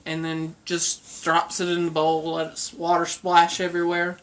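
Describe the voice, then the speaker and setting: A woman narrating an improvised comic story in a soft, giggly way. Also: fairly low pitch, completely flat delivery, moderate pace. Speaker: co-host storyteller.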